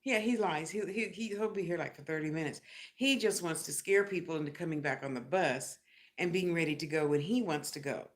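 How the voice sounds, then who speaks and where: A woman vlogging in a casual, chatty way, telling a long personal story with lots of asides and lively retellings. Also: a little fast. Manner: chatty, animated, acts out others' lines in a high squeal.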